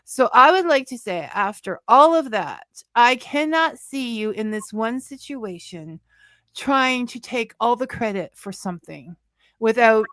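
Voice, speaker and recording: A woman's voice: on the high side, fairly bright tone, no echo. Woman podcast host, emphatic and chatty, dry recording. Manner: emphatic, laughs often. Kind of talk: casual conversation.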